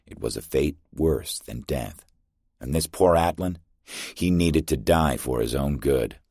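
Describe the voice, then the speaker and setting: A man reads a first-person science fiction audiobook in a steady, terse manner. His voice is extremely deep with a husky edge. The recording is close and dry. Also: dry recording. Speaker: narrator.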